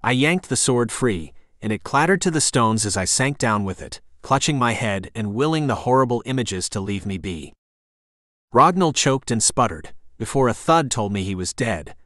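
A man reading a first-person fantasy audiobook in a measured, dramatic storytelling manner. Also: medium pitch, animated, a bit bright, no echo, studio quality. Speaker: audiobook narrator.

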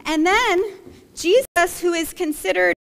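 In a church sanctuary, a woman pastor leads a playful, interactive children's story and coaxes the kids to act it out. Her voice is very high, unhurried, creaky and a bit bright. The church hall gives the recording an echo.

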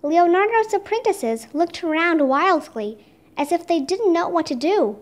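A woman reads a children's chapter book aloud at a measured pace, narrating steadily and expressively. Her high voice ranges widely and lively in pitch.

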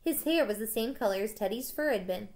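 A woman's voice: fairly high pitch, expressive, fairly quick, a little mellow. A woman teacher reading a children's book aloud in a casual storytelling way, with small slips.

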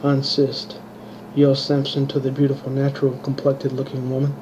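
A man reading his own fantasy story aloud, halting and restarting words, in a dull lo-fi home recording. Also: medium pitch, completely flat delivery, background noise. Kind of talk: amateur audiobook reading.

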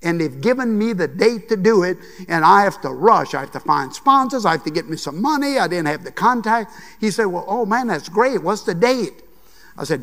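An older man from Louisiana with a Cajun accent, telling a folksy, animated story as a chef giving a conference keynote. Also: a little high, normal speed. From Louisiana, USA. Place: large conference hall. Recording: long reverb of a large hall.

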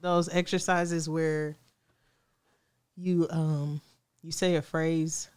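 A woman's voice: low voice, little pitch movement, takes it slowly, darkish tone, clean tone. A woman co-hosting a podcast, teasing and playful in casual chat. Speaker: podcast co-host.

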